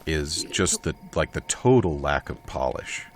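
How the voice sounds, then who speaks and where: Over background music and a slight hiss or hum, a man plays a video game and talks in a very deep voice. His casual gaming chat is dry and matter-of-fact, yet animated and unhurried.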